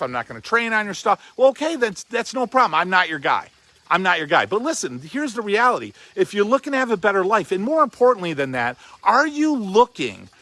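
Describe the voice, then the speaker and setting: High, bright-voiced motivational coach. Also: male voice, dry recording. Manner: emphatic, repetitive, swears casually. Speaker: chiropractic coach. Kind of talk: motivational talk.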